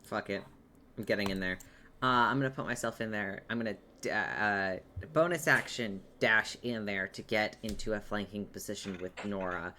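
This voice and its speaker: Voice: sits low, normal speed, pushed and bright, a little hiss or hum. A player in casual chat at a tabletop game, swearing and laughing easily.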